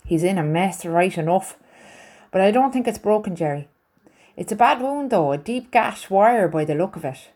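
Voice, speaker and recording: A woman's voice: medium pitch, expressive, moderate pace, mellow, lightly acted. A woman reading aloud, voicing a kindly, down-to-earth soldier with a chatty, earnest manner. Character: kindly Welsh soldier man, warm, down-to-earth.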